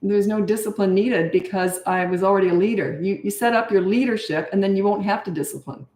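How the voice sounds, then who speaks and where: A woman's voice: medium pitch, a little fast, darkish tone. An older woman, a parenting coach, answering viewer questions with casual advice in a chatty, emphatic way and drifting into anecdotes. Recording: roomy echo.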